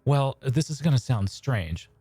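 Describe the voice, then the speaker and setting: A man's voice: medium pitch, animated, unhurried, dark tone, slightly rough, no echo, faint music behind, voice pushed up. A man voicing a chatty woman calling a radio show, rambling with many fillers.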